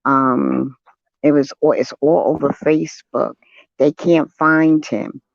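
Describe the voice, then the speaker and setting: Gravelly older man, shaken and earnest. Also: fairly high pitch, steady tone, slow, no echo. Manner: earnest, shaken storytelling with soft affirming hums. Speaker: guest on a live stream. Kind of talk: casual chat, personal account. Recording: dull, lo-fi, dry sound.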